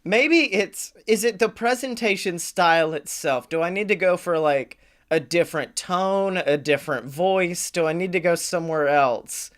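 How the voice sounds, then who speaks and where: A man's voice: sits high, moderate pace. Laughing, rowdy male comedy podcaster. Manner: loud, laughing, slips into silly put-on voices. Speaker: podcast co-host. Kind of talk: improvised comedy banter.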